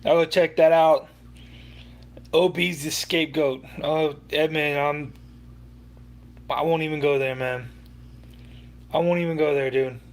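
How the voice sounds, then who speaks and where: A man's voice: a little high, steady tone, unhurried, long pauses. A young man hosting a sports livestream, ranting heatedly and profanely with many restarts. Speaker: livestream host.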